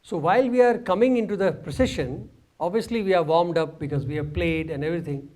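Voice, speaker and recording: A man telling a lively personal story in a talk, acting out sounds and laughing along. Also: high-pitched, quick pace. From India. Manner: animated, mimics sounds, laughs while telling. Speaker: speaker.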